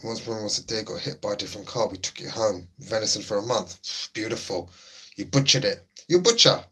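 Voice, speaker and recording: A middle-aged man chats casually on a livestream and reacts to viewers. His voice sits a little low but comes across bright and husky. He rambles, repeats phrases and keeps a laid-back banter going. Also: fairly even intonation, fairly quick. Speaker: livestream host. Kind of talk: casual livestream chat, reading chat.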